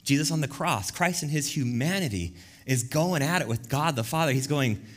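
Brief: male pastor, energetic sermon, slangy delivery, big swings between hushed and loud. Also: fairly high pitch, normal speed. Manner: lively, jumps from quiet reflection to loud emphatic bursts; casual slangy preaching.

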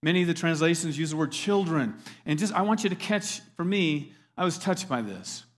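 A man's voice: a little high, animated, brisk. A man preaching a sermon as a pastor, earnest, repeating words as he stresses his points. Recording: long hall reverb.

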